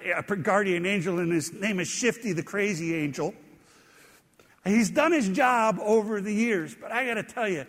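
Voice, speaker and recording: Man, pastor, high-pitched voice, self-deprecating storytelling sermon, long hall reverb. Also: a bit bright.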